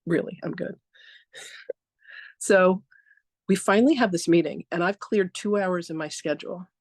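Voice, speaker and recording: A woman hosting a talk, introducing her guest through a chatty, animated story and often laughing. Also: on the low side, moderate pace, no echo, clean studio sound. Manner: animated, acts out dialogue with "I'm like".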